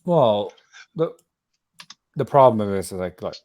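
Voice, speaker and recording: Casual podcast man, rambling talker, lowish voice. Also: animated, measured pace, a little mellow, dry recording. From Colorado, USA. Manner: rambling, repeats himself. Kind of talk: casual chat.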